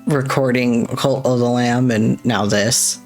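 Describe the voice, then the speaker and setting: A gamer chatting casually after finishing a story game, sleepy and rambling in a relaxed, self-deprecating way. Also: medium pitch, slow, faint music behind. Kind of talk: casual gameplay commentary.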